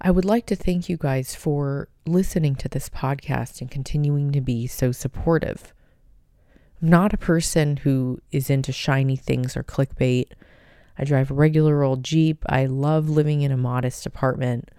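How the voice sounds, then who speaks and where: Gentle woman podcaster, low gravelly voice. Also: steady tone, moderate pace, no echo, clean studio sound. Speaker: podcast host. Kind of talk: personal podcast talk.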